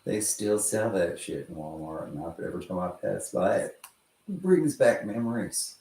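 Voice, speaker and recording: West texas guy chatting loose and cussing, kinda low voice, echoey room. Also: expressive, moderate pace, creaky, warm tone. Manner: profane, chuckling storyteller. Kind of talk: casual rambling chat. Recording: roomy echo.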